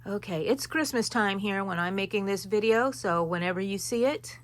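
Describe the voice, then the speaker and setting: At a medium pitch and an ordinary pace, this woman hosts a crochet tutorial. Her step-by-step guidance through each stitch is relaxed and meandering, sprinkled with friendly side comments.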